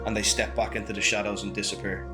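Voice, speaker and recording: A man's voice: on the low side, flat delivery, fast talker. A man running a tabletop game as game master, narrating scenes vividly. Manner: vivid, descriptive storytelling. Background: background music.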